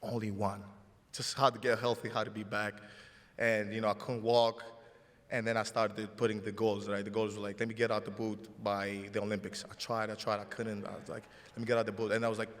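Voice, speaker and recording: A man in his thirties with a Greek accent, hosting a live stage show and telling a story in a halting way with many restarts. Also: on the low side, flat delivery, fairly bright tone. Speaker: host. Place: large hall before a live audience. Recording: long hall reverb.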